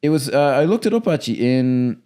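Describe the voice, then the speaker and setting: A man co-hosts a film podcast in loose, casual chat. His voice swings up and down with lively pitch as he retells scenes and swears freely. He sits in the middle range for pitch. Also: quick pace. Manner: animated, swearing, acts out film lines. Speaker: podcast co-host.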